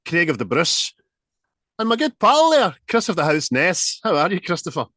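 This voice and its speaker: A man's voice: high-pitched, moderate pace, no room sound, clean studio sound. Glaswegian man hosting a podcast. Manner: swearing, lively banter. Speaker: podcast host. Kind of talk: casual chat.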